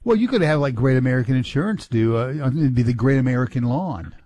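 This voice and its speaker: A man's voice: medium pitch, animated, quick pace, dark tone, dry recording. A man from Kentucky with a faint Southern accent, chatting casually on a radio show, rambling and correcting himself with small chuckles.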